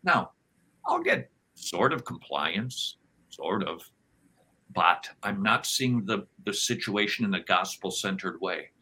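Forceful low-voiced man teaching with conviction. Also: slow pace, slightly rough, poor audio. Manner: emphatic, animated, acts out quoted voices. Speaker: podcast guest, author. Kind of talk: conversational interview, sermon-like teaching.

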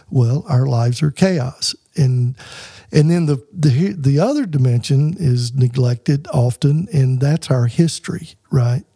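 Middle-aged guy, husky mellow voice, earnest podcast teacher vibe, dry mic. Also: medium pitch, dry recording. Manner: earnest, teaching tone with frequent restarts and laughs. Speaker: podcast co-host. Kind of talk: casual conversation on a faith-based podcast.

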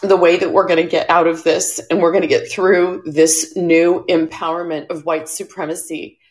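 A tearful woman speaks from a live stage, earnest and apologetic, her words halting and restarting. Her voice sits a little low for a woman. She pushes through emotion to make her point. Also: flat delivery. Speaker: audience member speaking on stage. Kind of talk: emotional public remarks.

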